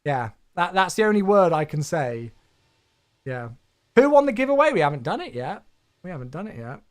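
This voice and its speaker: Chatty, lively-voiced male streamer. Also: sits high, moderate pace. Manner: chatty, thanking viewers, quips to himself. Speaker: flight sim streamer. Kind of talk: casual live-stream chat with viewers.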